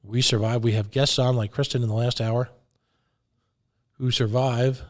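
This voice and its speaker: A man hosting live talk radio, sarcastic and halting, often stumbling over and repeating his words. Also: medium pitch, steady tone.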